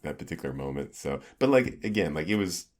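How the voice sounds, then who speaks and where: A middle-aged man with a deep, low voice, co-hosting a podcast. He talks in loose, rambling sentences full of "like" and restarts. It sounds like easy, casual chat between friends. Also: sing-song, fast talker. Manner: rambling storyteller, many fillers and restarts. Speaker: podcast co-host.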